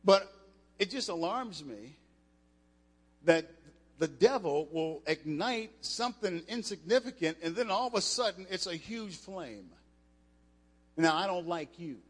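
Emphatic older preacher in an echoey hall. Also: male voice, sits high, lively intonation, unhurried, pauses often, breathy edge. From United States. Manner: emphatic, rising to loud passages, with restarts. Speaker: preacher, former football player. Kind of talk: sermon.

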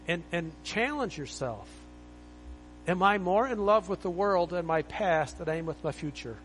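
Emphatic preacher man, fairly high voice. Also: poor audio. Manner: emphatic, exhorting with rhetorical questions. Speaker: pastor. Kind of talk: sermon.

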